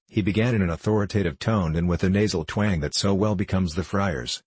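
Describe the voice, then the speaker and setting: Deep husky male audiobook narrator. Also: fast talker, hardly any pauses, a little mellow, no room sound. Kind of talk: scripted narration.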